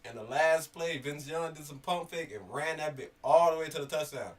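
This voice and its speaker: A man from Miami telling stories in casual chat, animated and swearing, getting loud when worked up. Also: on the high side, brisk. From Miami area. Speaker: podcast co-host. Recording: slightly distant mic, faint background noise.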